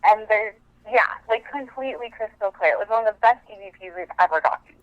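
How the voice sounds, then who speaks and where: A woman's voice: mid-range voice, lively intonation, brisk, no echo. A woman from Montana rambles through her story, heavy on fillers. She calls in on a phone line that sounds dull and lo-fi. The sound is dry. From Montana, USA. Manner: chatty, rambling with many fillers. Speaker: caller.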